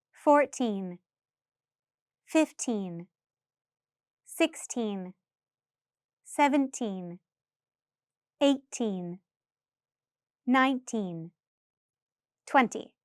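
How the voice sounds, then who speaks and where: A woman teaching English number pronunciation, counting clearly and deliberately for learners to repeat. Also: on the high side, fairly bright tone, dry recording, studio quality. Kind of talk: slow, careful pronunciation lesson.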